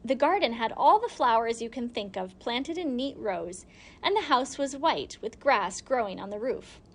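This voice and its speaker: A woman reading a children's storybook aloud, giving the characters light voices of their own. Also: normal speed. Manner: lively, voices each character with small pitch lifts. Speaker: reader.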